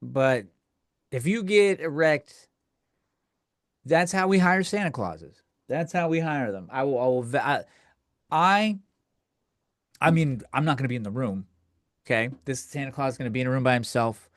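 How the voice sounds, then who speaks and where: A man's voice: mid-range voice, animated, moderate pace, pauses often, dry recording, clean studio sound. A man hosting a comedy podcast, ranting in a crude, profane, rambling way with lots of restarts. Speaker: podcast host. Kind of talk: comedic rant.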